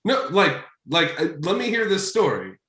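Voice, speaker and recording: A man on a group podcast speaks in a wry, needling way. His voice sits a little high. The sound is roomy, with a noticeable echo. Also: wildly swooping pitch, normal speed, bright, forceful tone. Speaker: podcast co-host. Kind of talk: casual podcast chat.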